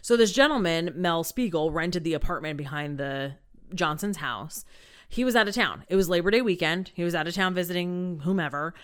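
Woman telling a true crime story on a podcast, lowish smooth voice, lots of ums and likes. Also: lively intonation, a little fast. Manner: chatty, many fillers like "um" and "like".

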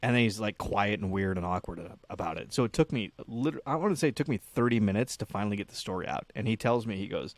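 A man's voice: on the low side, fairly quick. A man in his thirties, a podcast co-host, telling a crude story with laughter and acted-out quotes in casual chat.

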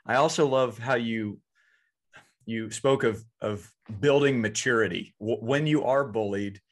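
A man's voice: mid-range voice, measured pace. A man hosting a podcast and coaching youth baseball, talking earnestly and often repeating words as he goes. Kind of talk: casual podcast conversation.

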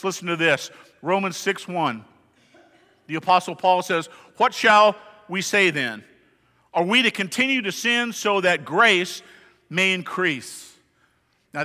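A man with a high, bright voice preaches a sermon to his congregation, talking conversationally and pressing points with emphasis. He keeps asking the listeners questions. His voice rings with the long reverb of a large church hall. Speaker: pastor. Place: church sanctuary.

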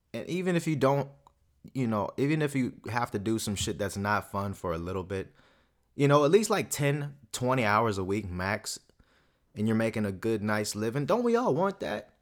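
A man's voice: on the low side, normal speed, pauses often. A young man hosting a solo podcast, ranting casually in a profane, swaggering, rambling way. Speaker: podcast host.

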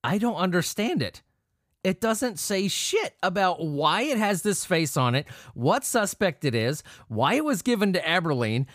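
A man's voice: high voice, big pitch swings, a little slow, fairly bright tone, no room sound, studio quality. A man hosting a podcast, talking in a sarcastic, profane and rambling way. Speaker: podcast host. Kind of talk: casual podcast monologue.

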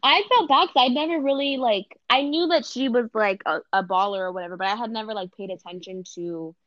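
A young woman co-hosting a casual chat, talking in a chatty, animated way and swearing casually. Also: on the high side, a little fast, no room sound, muffled recording.

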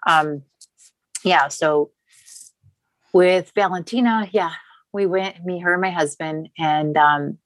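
A woman's voice: on the low side, takes it slowly, pauses often, no room sound, rough recording. A woman in her thirties, a podcast guest, telling a long personal story in a chatty, candid way with casual swearing.

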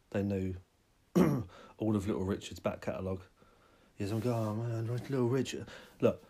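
A man hosting a podcast, delivering a rambling, sweary comic rant that bursts into shouting. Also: on the low side. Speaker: podcast host. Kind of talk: comic ranting monologue.

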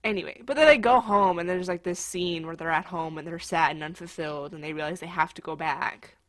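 A woman's voice: lowish voice, fairly quick, a bit bright, no echo. A woman chatting casually about a movie, full of fillers and wry asides.

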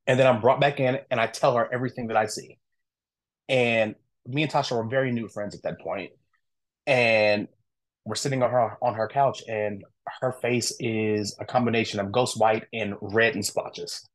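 A man speaks as a podcast guest in a mid-range voice and tells a personal story in a relaxed, informal way. He talks candidly and animatedly, uses plenty of "I'm like" asides, and acts out bits of remembered conversation as he goes. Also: medium pitch, moderate pace. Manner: animated, acts out quoted dialogue.

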